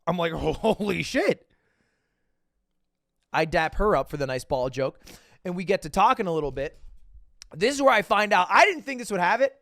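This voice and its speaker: A young man livestreaming, casually telling a story to his chat, swinging between loud bursts and low asides and acting out the dialogue. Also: expressive, brisk, no room sound, clean studio sound. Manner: acts out quoted dialogue.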